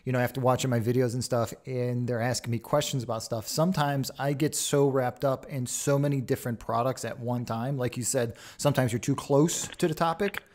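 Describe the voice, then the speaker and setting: A man with a Chicago accent hosting a casual interview, friendly and chatty and quick to laugh. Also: mid-range voice, steady tone, darkish tone. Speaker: host.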